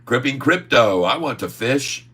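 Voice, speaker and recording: A man's voice: medium pitch, expressive, fairly bright tone, slightly rough. A man hosting a casual stock-trading livestream, reading viewer comments aloud and chuckling often. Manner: chuckles often, drawn-out folksy asides.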